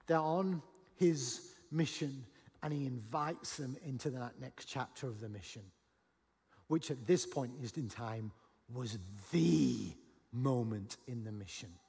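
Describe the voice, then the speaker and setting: A man preaching a sermon as pastor, animated, acting out Bible dialogue and at times rising to a shout. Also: mid-range voice, measured pace. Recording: long hall reverb.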